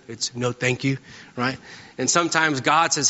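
Bright-voiced preacher man in a hall. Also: mid-range voice, steady tone, a little fast. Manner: conversational, storytelling, frequent "right?" tag questions. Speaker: pastor. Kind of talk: sermon. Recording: dull reverberant hall sound.

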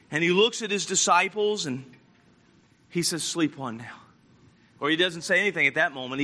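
A man preaching a sermon, telling a story dramatically and acting out quoted lines, moving between loud passages and hushed ones. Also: high-pitched.

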